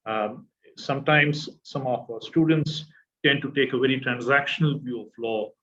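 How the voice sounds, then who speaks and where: A man's voice: medium pitch, normal speed, a bit bright, dull audio, a little hiss or hum. Man hesitantly introducing a guest speaker. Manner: hesitant, many filler sounds. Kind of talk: formal introduction.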